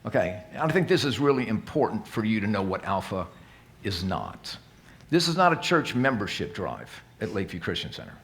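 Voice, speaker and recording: A man's voice: lowish voice, a bit bright. A man leading an introductory church course, talking in a folksy, self-deprecating way and often restarting his sentences. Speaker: Alpha course leader. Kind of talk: informal church talk. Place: church hall.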